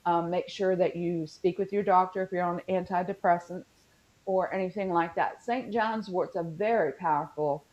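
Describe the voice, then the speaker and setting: A woman's voice: fairly low pitch, fairly even intonation, moderate pace, a little mellow. Chatty West Virginian woman, dull lo-fi. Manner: chatty, rambling, with frequent ums. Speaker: co-host. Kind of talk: casual chat on a video call.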